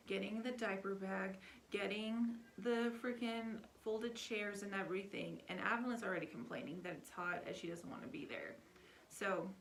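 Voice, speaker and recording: Young woman, chatty storytelling, filler-heavy, middle pitch, faint background noise. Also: a bit bright. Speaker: vlogger. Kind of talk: casual storytime vlog.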